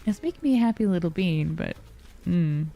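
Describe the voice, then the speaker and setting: A woman streaming live, chatting in a soft, sleepy, unhurried way. Her tone is mellow and dark, with a light gravelly fry at the ends of phrases. She sits close to a dynamic mic. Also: on the low side, faint music behind. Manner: soft, sleepy and calm, yawning. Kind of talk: relaxed live-stream chat. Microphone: dynamic studio mic.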